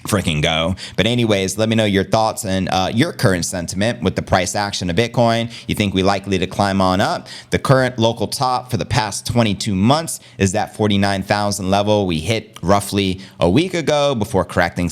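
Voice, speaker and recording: A man hosting a live crypto news stream, reading headlines and excitedly shouting out viewers as family. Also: lowish voice. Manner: hype, calls viewers family, shouts out members. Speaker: crypto news livestream host.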